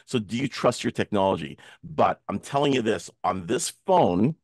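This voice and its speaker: A man hosts a casual discussion over a video call, his low voice close and dry. He tells stories with energy and slips into the voices of the people he quotes. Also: moderate pace, husky, no room sound. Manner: animated storyteller, acts out quoted voices. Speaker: talk show host.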